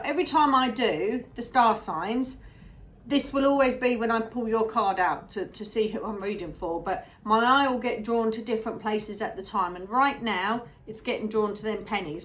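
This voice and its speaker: A woman's voice: a little high, a bit bright. A woman giving a casual tarot reading, musing aloud and repeating phrases as she goes. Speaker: tarot reader.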